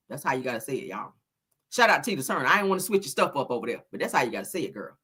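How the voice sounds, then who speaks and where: A woman hosting a casual live commentary stream, loud and laughing, swearing and throwing in dramatic exclamations. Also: on the low side, big pitch swings, a little fast, husky. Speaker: commentary livestream host.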